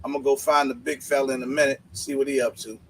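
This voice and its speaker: A man's voice: medium pitch, flat delivery, fast talker, fairly bright tone, slight background noise, rough recording. A man hosting a casual livestream, greeting viewers by name in laid-back slang. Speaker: livestream host.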